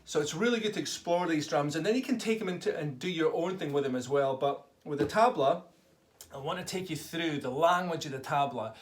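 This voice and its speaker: In an online music lesson for children, a tabla tutor with a brisk, slightly high voice enthusiastically calls out drum syllables for the kids to repeat.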